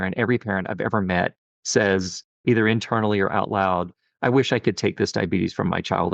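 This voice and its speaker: A man's voice: lowish voice, creaky, dry recording, muffled recording. A middle-aged man, a pediatric endocrinologist, talking earnestly and thoughtfully in a podcast interview, often saying "you know". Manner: earnest, reflective, with many "you know" fillers.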